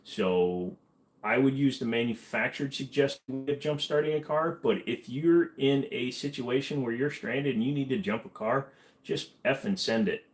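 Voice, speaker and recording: A man's voice: mid-range voice, normal speed. A man hosting a casual livestream, rambling and joking as he reads chat comments aloud and answers them.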